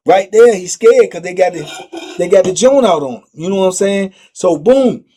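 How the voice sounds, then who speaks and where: An excitable male storyteller, talking in slang and tossing in asides constantly. His voice is husky, with a mellow, dark tone that sits a bit high for a man. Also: moderate pace. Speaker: storyteller host. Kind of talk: animated prison storytelling.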